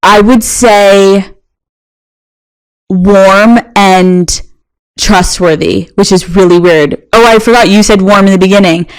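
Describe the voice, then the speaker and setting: A woman who is a comedian and content creator, a guest on a podcast, telling stories in a lively, expressive way. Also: medium pitch, slow, smooth, low-quality recording. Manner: animated, expressive storyteller. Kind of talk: casual interview chat.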